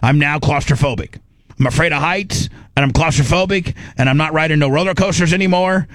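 Animated middle-aged man telling a story. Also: a little high, brisk, no room sound. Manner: animated, acts out his inner voice. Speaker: radio show host. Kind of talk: casual storytelling chat.

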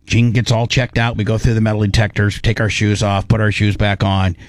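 A man's voice: lowish voice, a little fast, no room sound, clean studio sound. A man telling a long, rambling story in casual talk, acting out what people said. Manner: animated, rambling, acts out quotes.

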